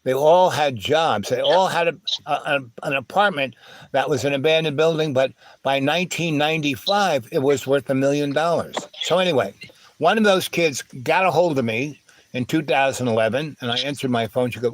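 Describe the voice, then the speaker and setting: A man's voice: medium pitch, normal speed, no echo. A man telling stories in casual talk, acting out the voices in his quoted dialogue. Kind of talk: casual storytelling.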